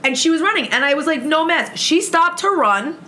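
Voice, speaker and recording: High, bright-voiced woman ranting profanely. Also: a little fast, slight background noise. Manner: profane, animated, acts out both sides of an argument. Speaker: guest telling a story. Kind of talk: heated storytelling in casual chat.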